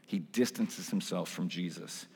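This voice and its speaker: A man's voice: sits low, unhurried, darkish tone, husky, long reverb tail. A man preaching a sermon in a casual, conversational way, full of asides and "like"s. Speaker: pastor.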